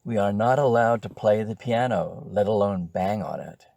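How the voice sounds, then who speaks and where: A man voicing a brisk, bossy female course leader in a storybook reading, curt and scolding. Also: lowish voice, creaky, dark tone, no echo, studio quality.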